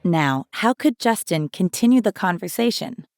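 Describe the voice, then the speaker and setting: A woman teaching a language lesson, saying each word slowly and clearly for learners. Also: on the low side, expressive, a little mellow, no echo, studio quality. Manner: slow, clear pronunciation for learners. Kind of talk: scripted lesson narration.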